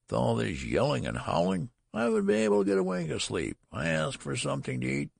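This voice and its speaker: A man's voice: huge pitch swings, brisk, creaky, no echo, clean studio sound, exaggerated voice. A man voicing a querulous, very old man with a cracked, whining voice in an audiobook. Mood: shrill complaint. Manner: complaining, rising to shrill protest. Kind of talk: audiobook character voice.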